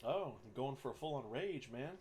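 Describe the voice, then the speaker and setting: A man running a tabletop game online as game master, narrating in a casual, animated way and making sound effects. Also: medium pitch, normal speed, a little hiss or hum.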